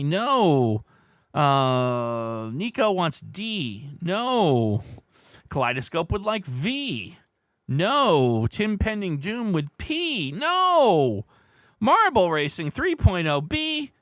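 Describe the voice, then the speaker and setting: A man hosting a live word-game stream, reading out viewers' guesses in an excitable way, his voice worn hoarse. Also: high-pitched, dry recording, clean studio sound. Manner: animated, excitable, shouts "No!" at wrong guesses. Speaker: livestream host.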